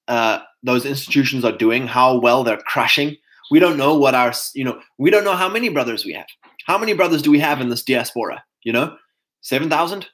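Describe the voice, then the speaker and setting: A man's voice: medium pitch, fairly bright tone. Casual man talking straight to viewers. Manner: conversational, many fillers, acts out quoted voices. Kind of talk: casual monologue.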